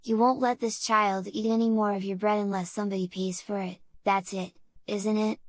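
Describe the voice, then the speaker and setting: A tall old wandering showman speaks in a foreign accent, calm and quietly shrewd as he bargains. A woman voices him in a storybook reading. The sound is close and dry. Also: medium pitch, moderate pace, no echo, natural voice. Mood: persuasive.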